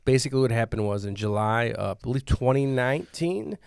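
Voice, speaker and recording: A man's voice: medium pitch, lively intonation, a little fast, gravelly, a little mellow, clean tone, dry recording. Rambling male podcast host, dry sound. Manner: rambling, trails off and restarts. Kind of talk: casual chat. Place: comedy club.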